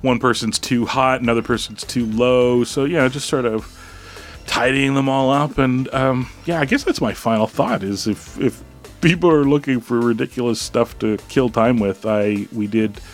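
A man's voice: mid-range voice, normal speed, soft background music. A man co-hosting a podcast in casual chat, rambling with restarts and laughs. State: hiccups, drinking beer. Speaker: podcast co-host.

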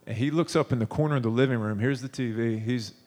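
A man's voice: medium pitch, fast talker, darkish tone. A man in his thirties preaching a sermon, telling stories in a conversational way with frequent restarts.

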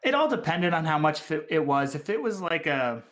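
A man's voice: a little high, very animated, moderate pace, fairly bright tone. A man co-hosting a comics podcast, talking casually in long, enthusiastic rambles. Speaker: podcast co-host. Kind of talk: casual chat.

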